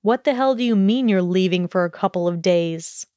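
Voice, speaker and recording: A woman voicing a sullen, sharp-tongued young wizard, scornful and biting in an audiobook reading. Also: medium pitch, moderate pace, dry recording, studio quality, close to an everyday voice. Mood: spiteful.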